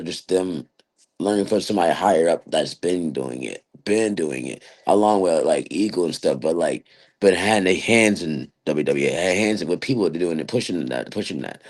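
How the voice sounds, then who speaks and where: Low-voiced man rambling through a story. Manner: rambling, animated, laughs between lines. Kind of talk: casual storytelling chat.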